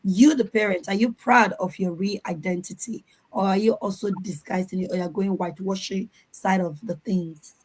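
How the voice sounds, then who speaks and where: Woman, mid-pitched, earnest advice, online panel, video call audio. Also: steady tone, normal speed, hardly any pauses, a little mellow, slightly rough, poor audio. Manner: earnest, advising, repeats words while finding them. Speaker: conference panelist.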